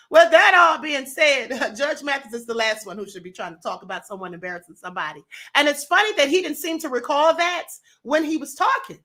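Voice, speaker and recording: Reading viewer comments on her livestream, a Kentucky woman delivers sassy, emphatic casual remarks, often calling people honey and beloved. Her high voice sounds pushed and bright.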